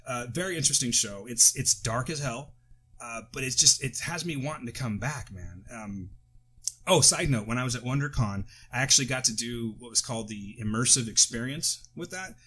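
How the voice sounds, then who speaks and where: A man's voice: medium pitch, animated, moderate pace, sharp tone, breathy edge. An American man co-hosting a podcast, chatting casually and rambling through tangents and self-corrections into a close mic. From United States. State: coughing. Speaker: podcast co-host. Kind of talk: casual chat.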